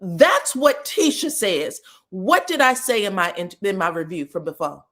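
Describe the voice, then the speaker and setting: A woman hosting a casual reality TV recap, animated and profane, acting out quotes with loud outbursts and laughter. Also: medium pitch, moderate pace.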